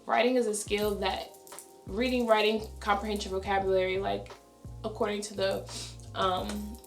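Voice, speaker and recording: A young adult woman, a schoolteacher, talking fast and chatty in a casual vlog, her voice raspy and tired. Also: medium pitch, flat delivery, echoey room, faint music behind. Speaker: elementary school teacher. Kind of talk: casual vlog talk to camera.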